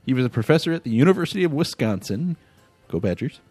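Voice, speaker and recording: A man's voice: medium pitch, big pitch swings, fast, darkish tone, no room sound, soft background music. A man hosting a casual podcast, laughing often and telling stories with animation. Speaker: podcast host. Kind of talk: casual chat.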